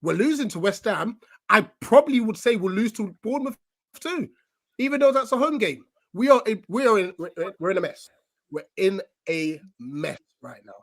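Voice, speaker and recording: A man's voice: high-pitched, big pitch swings, moderate pace, a bit bright. A young man on a home video call, ranting about his football club in an exasperated, emphatic way. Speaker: guest fan pundit. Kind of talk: live football fan panel chat.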